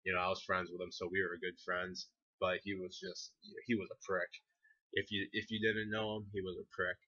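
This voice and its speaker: A man's voice: low-pitched, little pitch movement, normal speed, bright, forceful tone, breathy edge. A young man casually telling a rambling, profane story from his teens, often laughing through it. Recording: dull lo-fi recording.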